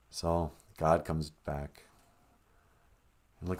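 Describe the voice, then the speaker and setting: A man's voice: sits low, takes it slowly, long pauses, darkish tone. A man hosting a live stream, telling a comic story in a casual, rambling, joking way.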